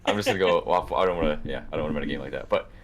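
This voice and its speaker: Low-voiced relaxed game master. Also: male voice. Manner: relaxed, halting narration with many fillers. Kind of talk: narrating a tabletop game.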